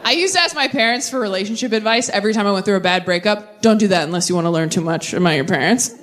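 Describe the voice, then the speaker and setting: A woman in her thirties performing a stand-up set, riffing quickly and mocking herself as she works the crowd. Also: medium pitch, fairly bright tone. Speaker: stand-up comedian. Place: large comedy venue with a live audience. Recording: live stage recording with audience noise.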